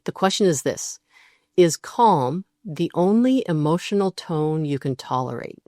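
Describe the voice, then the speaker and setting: A woman hosting a relationship podcast, talking through ideas in a calm, measured monologue and briefly voicing quoted partners. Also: fairly low pitch, dry recording, studio quality.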